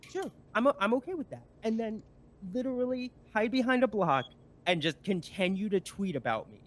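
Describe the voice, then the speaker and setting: A man's voice: sits high, very animated, fairly quick, fairly bright tone. A man, a guest on a live stream, telling a story in a rambling casual way with many fillers and restarts.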